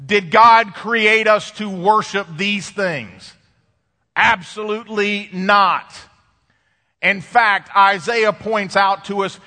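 Bright-voiced preacher in a reverberant hall. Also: male voice, high voice. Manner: expressive preaching, dramatic pauses, reads scripture aloud. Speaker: pastor. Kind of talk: sermon.

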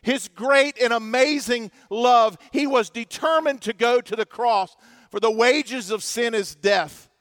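High-voiced impassioned male preacher. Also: unhurried, no echo. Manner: impassioned preaching with dramatic swings between loud and hushed. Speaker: pastor. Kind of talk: sermon.

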